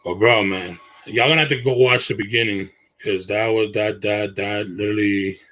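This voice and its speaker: In a rough recording with soft music behind him, a man with a lowish, fairly bright voice talks at a moderate pace with fairly even intonation. He's running a casual bedroom livestream, and his earnest, slang-filled remarks to viewers frequently trail away and begin again.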